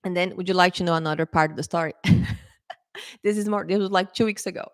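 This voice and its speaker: A woman teacher speaking straight to her students in an animated, coaxing way, her pitch jumping high for emphasis. The sound is close and dry, with no room around it. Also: fast, dry recording. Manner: lively, animated, coaxing, repeats "okay?" and "right?". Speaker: English teacher. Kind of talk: casual talk to camera.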